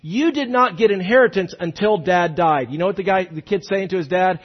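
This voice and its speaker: A man preaching a sermon, reading scripture and acting out voices, moving from loud emphasis to hushed asides. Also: high-pitched, fairly quick, few pauses. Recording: dull lo-fi recording.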